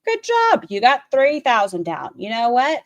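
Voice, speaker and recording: A woman's voice: fairly high pitch, expressive, moderate pace, no echo, muffled recording. Blunt, sarcastic woman streamer. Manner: blunt, sarcastic, swears freely. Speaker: streamer reacting to clips. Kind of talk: live-stream commentary.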